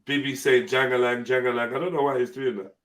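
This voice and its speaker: A man's voice: mid-range voice, fast talker. A man hosting a live online panel, chatting casually in slang with frequent swearing and laughter over a video call. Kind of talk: casual chat.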